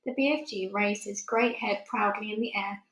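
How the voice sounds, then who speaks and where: A woman reading a children's storybook aloud in a steady, plain narrating voice, recorded with a roomy echo. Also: medium pitch, normal speed. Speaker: reader.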